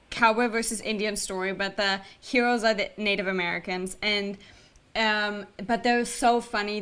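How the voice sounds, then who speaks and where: A woman's voice: medium pitch, a bit bright. Chatty woman from Germany. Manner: chatty, frequent "like" fillers. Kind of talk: casual chat.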